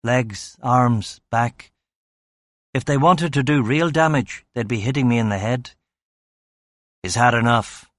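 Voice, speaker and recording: A male audiobook narrator delivering terse, clipped first-person narration. He sits in a mid pitch, takes his time, and sounds dry and close with no room around him. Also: takes it slowly, long pauses, fairly bright tone, dry recording. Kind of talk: scripted narration.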